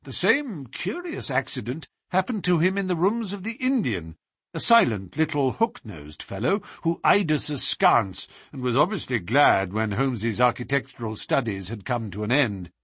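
Husky male audiobook narrator. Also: medium pitch, very animated, moderate pace, a bit bright, no echo, clean studio sound. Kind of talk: audiobook narration of a classic story.

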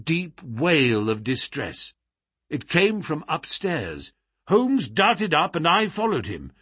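A man narrating classic fiction as an audiobook, with expressive, dramatic storytelling. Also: mid-range voice, husky, dry recording, clean studio sound.

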